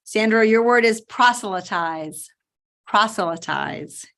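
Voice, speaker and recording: A woman acting as spelling bee pronouncer, enunciating each word slowly and clearly over a video call. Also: mid-range voice, a bit bright. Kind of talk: reading words and sentences aloud.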